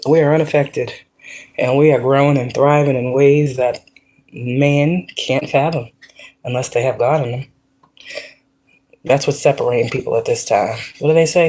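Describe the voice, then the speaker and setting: Animated woman giving a spiritual pep talk. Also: a bass voice, normal speed. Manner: animated, repetitive, laughs often. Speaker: spiritual livestream host.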